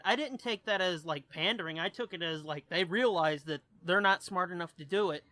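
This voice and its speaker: A man's voice: high voice, normal speed, hardly any pauses, sharp tone, no room sound. A man co-hosting a podcast, chatting casually about comics, laid-back and swearing freely. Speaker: podcast co-host. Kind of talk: casual comic-book review chat.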